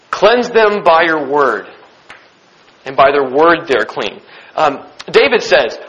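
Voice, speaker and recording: A man's voice: fairly high pitch, sharp tone. A young man giving an earnest sermon, repeating his key phrases for emphasis. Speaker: Christian speaker. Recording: dull lo-fi recording.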